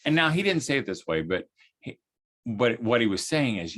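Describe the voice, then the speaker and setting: A man's voice: medium pitch, big pitch swings, normal speed, a bit bright. A man giving a folksy, humorous storytelling talk to parents, full of vocal sound effects. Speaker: speaker at a homeschooling event.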